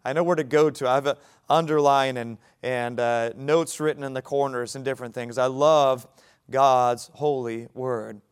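A young male pastor delivering a sermon in a conversational way that climbs to forceful emphasis. His voice is smooth and resonant, sitting at an ordinary middle pitch. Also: fairly even intonation, normal speed. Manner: conversational preaching, rising to emphatic points.

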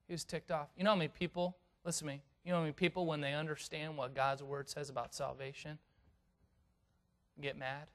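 A man delivers a sermon in a high, bright voice. He reads scripture in old-fashioned wording. His delivery drops to near whispers and climbs to loud, dramatic peaks. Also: level tone, fast. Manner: dramatic swings from hushed to loud. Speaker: preacher.

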